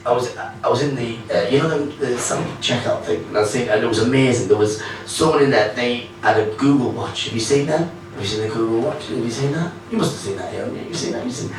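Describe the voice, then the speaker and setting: A man performing a stand-up comedy set, chatty and animated, acting out characters in silly voices. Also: medium pitch, fast, hardly any pauses, recorded from a distance, noisy background. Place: comedy club stage. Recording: echoey club mic with audience laughter. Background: audience laughter.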